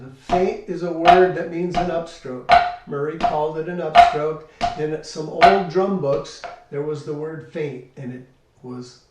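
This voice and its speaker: An older man giving a spoken drum lesson, explaining step by step and counting rhythms aloud. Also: fairly high pitch. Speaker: drum teacher. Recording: echoey room, distant mic, loud hiss.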